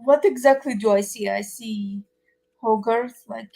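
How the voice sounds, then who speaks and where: A woman playing a tabletop role-playing game, speaking softly and hesitantly. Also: a little high, a little slow, gravelly. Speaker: player. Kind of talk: casual tabletop play.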